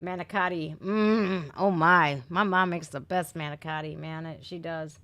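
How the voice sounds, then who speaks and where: A middle-aged woman from Northeast Ohio hosts a casual livestream, reading comments and chatting with viewers. Her voice is deep, bright and forceful, with a steady tone and measured pace, recorded with no room sound. She's chatty, swears freely, and keeps calling people "man" and "dude."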